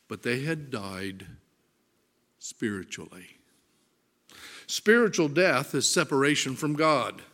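A man preaching a sermon, reading scripture aloud with deliberate emphasis, swelling loud on verses and dropping soft and low. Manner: slow, deliberate delivery, rising loud on verses and dropping to near-whisper.

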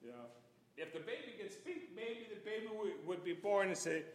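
A man preaching a sermon, telling the story with chuckles, emphatic exclamations and shifts between soft and loud passages. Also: sits high, moderate pace, slight background noise.

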